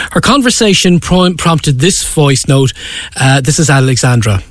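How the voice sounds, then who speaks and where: Male radio host, high pitch, jovial and teasing, dry studio sound. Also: animated, normal speed, no echo. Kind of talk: radio interview and phone-in.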